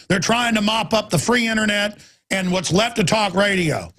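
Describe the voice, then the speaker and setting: A man hosting a talk radio show, ranting intensely and swinging from shouts to low, urgent tones. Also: moderate pace. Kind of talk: impassioned talk radio monologue.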